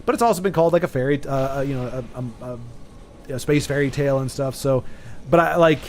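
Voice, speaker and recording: A man streaming a game and chatting casually, rambling with frequent restarts and sudden excited bursts. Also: a little high, quick pace, gravelly, slight background noise. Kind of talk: casual chat while gaming.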